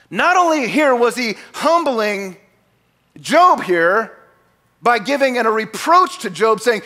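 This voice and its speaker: A man preaching a sermon as pastor, talking casually to his congregation and acting out quoted lines with big jumps in pitch and loudness. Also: measured pace. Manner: animated, acts out God's lines with big swings in pitch and volume; conversational asides to the congregation.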